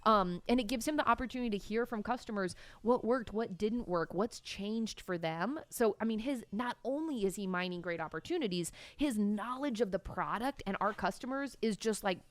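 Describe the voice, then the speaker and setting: A woman's voice: medium pitch, animated, normal speed, hardly any pauses, no echo. A woman co-hosting a sales podcast, chatting casually in an upbeat, playful way. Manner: upbeat, playful, laughs often. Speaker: podcast co-host, marketing director.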